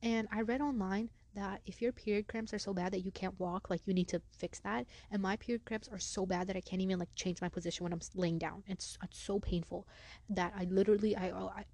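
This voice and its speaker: A woman's voice: medium pitch, fairly even intonation, a little fast, darkish tone, no room sound. A young woman hosting a podcast, telling a story in casual chat and leaning on "like" a lot. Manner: chatty, lots of filler "like". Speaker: podcast host.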